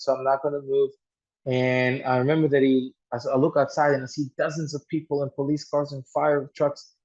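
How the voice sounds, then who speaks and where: A man's voice: fairly high pitch, a little mellow, highs cut off. A man telling a personal story earnestly, often restarting and repeating words. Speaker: guest telling his story.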